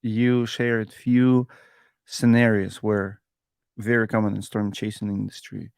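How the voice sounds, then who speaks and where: A man hosting a podcast, asking questions in a halting way, dropping small words. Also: on the low side, little pitch movement, creaky, darkish tone, no echo, clean studio sound. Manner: asks questions, drops articles, halting. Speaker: podcast host. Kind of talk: casual podcast interview.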